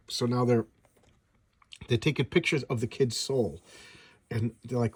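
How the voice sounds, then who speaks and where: A man's voice: mid-range voice, steady tone, normal speed, pauses often, husky. A man recapping a comic book in a casual, enthusiastic, rambling way, with many restarts.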